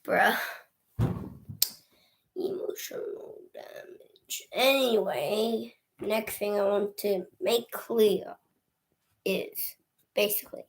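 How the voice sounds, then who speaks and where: A woman's voice: medium pitch, fairly even intonation, takes it slowly. A woman casually recapping a movie on a livestream, chatty and laughing often as she acts out the characters' lines. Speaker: movie reviewer.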